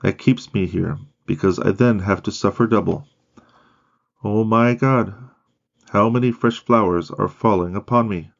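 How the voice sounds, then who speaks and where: A man's voice: lowish voice, a little slow, vocal fry, dull audio. A man reading as a humble dying nun. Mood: prayerful. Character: dying devout nun, woman, humble and pious.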